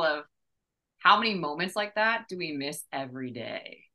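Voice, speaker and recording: A woman hosting a faith podcast, chatting with enthusiasm and throwing out rhetorical questions. Her voice sits low for a woman, but it comes across bright and forceful. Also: sing-song, normal speed, low-quality recording. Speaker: podcast host. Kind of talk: casual faith podcast conversation.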